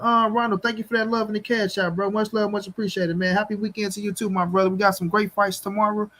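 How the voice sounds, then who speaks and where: Boxing livestream host, man, high-pitched, blunt and profane, hammers each point home. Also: fairly bright tone. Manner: blunt, profane, talks straight to viewers; repeats his points for emphasis. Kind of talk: livestream commentary rant.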